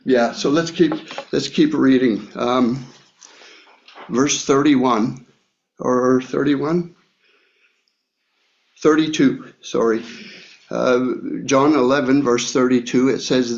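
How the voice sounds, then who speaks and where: A man preaching a sermon, reading scripture and sharing a personal story in a reflective way with many pauses and fillers. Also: medium pitch, steady tone. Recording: echoey room, slightly dull sound.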